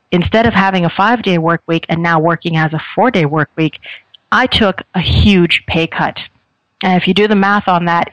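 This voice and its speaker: A middle-aged woman speaks earnestly and thoughtfully about her own experience, pausing often and restarting her phrases. The sound is a little dull and muffled. The voice is dry, with no room echo. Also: fairly low pitch. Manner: earnest, reflective, many small restarts. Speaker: speaker sharing a personal story. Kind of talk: personal testimony.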